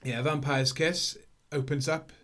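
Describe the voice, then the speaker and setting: A man's voice: fairly high pitch, steady tone, measured pace, a bit bright. A man hosting a casual film review podcast, talking in a rambling, stop-start way. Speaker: podcast host.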